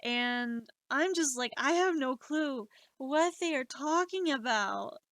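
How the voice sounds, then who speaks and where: A woman in her late twenties telling stories on a live stream, animated and exasperated, swearing freely. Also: high voice, takes it slowly, dry recording. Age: 20s. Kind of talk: casual storytelling.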